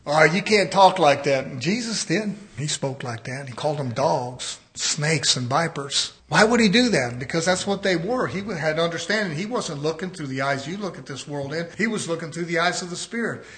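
A man preaching a fiery sermon, rising to shouts and dropping low. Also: animated, moderate pace, hardly any pauses.

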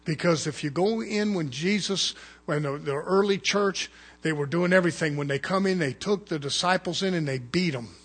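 A man preaching a fervent sermon as pastor, swinging between loud urgent calls and hushed low asides. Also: normal speed, husky.

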